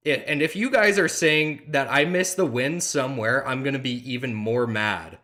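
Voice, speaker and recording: A man's voice: medium pitch, moderate pace, few pauses, sharp tone. A man streaming a board game online, reacting aloud to the play, frustrated and swearing as he talks. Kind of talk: live game commentary.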